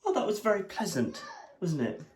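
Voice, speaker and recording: A man's voice: high-pitched, big pitch swings, normal speed, darkish tone, slight background noise. A man hosting a casual walking vlog, rambling chattily with repeated words and restarts, filmed outdoors in a busy village at night on a handheld camera. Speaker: vlogger, host.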